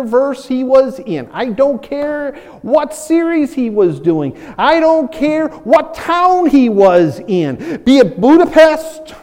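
A man preaching a sermon as pastor, animated and acting out the voices of people he quotes, chuckling often. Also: high-pitched, big-room sound.

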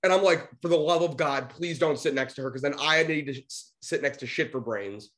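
With a medium pitch and a fairly quick delivery, a young podcast co-host recounts a story casually and with lots of energy. He curses freely and mimics the voices of those he quotes.

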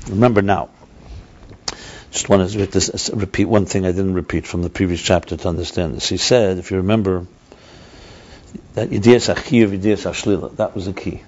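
A man with a deep, slightly mellow voice and fairly even intonation speaks briskly. He's teaching a text study class, reading passages aloud and explaining them step by step, often repeating himself, on a dull lo-fi recording.

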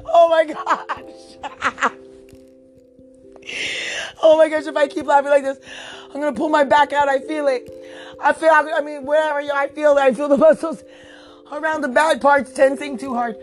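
A woman's voice: high-pitched, level tone, normal speed, pauses often, faint music behind. A woman hosting her own podcast late at night, sleepless and chatting casually while she keeps breaking into helpless giggles. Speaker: podcast host. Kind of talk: solo podcast chat.

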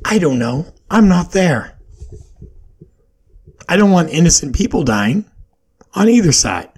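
A man's voice: fairly high pitch, very animated, measured pace, a little mellow, slightly rough. A man hosting a solo podcast, talking through his opinions in a questioning, rambling way with plenty of fillers. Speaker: podcast host.

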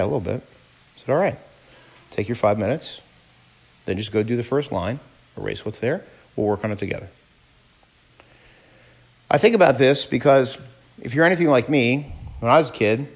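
A man's voice: medium pitch, a little hiss or hum. Chatty father, kitchen sizzling behind. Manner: conversational storytelling with restarts. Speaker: father talking to camera. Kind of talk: casual vlog monologue.

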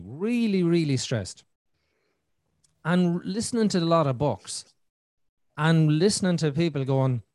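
Man, middle-aged, podcast host, lively up-and-down pitch, dry close sound. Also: no room sound. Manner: animated, repeats words, acts out his own thoughts. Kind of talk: casual conversation.

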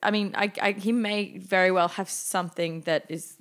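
A woman's voice: medium pitch, steady tone, normal speed. A woman co-hosting a podcast in casual chat, chatty and swearing freely. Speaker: podcast co-host.

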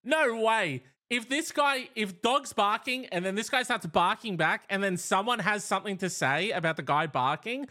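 A man with a somewhat high, bright voice jokes with his co-host on a casual podcast. He riffs on silly ideas and works himself into mock-indignant rants. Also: animated, moderate pace, hardly any pauses. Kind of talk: casual advice-podcast chat.

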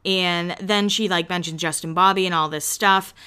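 A woman's voice: lowish voice, steady tone, moderate pace, pushed and bright, clear, resonant tone. A woman chatting casually as she recaps a reality show, gossipy and swearing freely.

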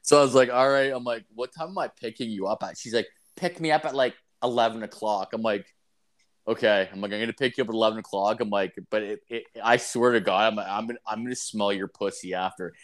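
Rambling through crude, profanity-laced stories, a young Canadian man talks at a quick pace with many fillers. His voice sits fairly low, and his intonation stays fairly even in this casual chat.

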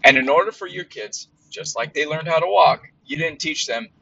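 A man's voice: a little high, expressive, normal speed, creaky, a bit bright, husky, dull audio. A man hosting a podcast in a casual monologue, blunt and rambling, with lots of fillers and some swearing. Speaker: podcast host.

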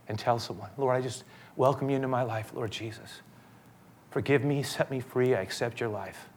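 Impassioned male preacher. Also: medium pitch. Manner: fervent, swings between loud and hushed. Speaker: pastor. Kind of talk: sermon.

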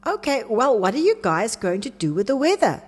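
A woman voicing an eager, friendly young male pet dog in a storybook reading, speaking in a high, excited voice. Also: a little fast, slightly rough, big-room sound. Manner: bright and excited, high-pitched.

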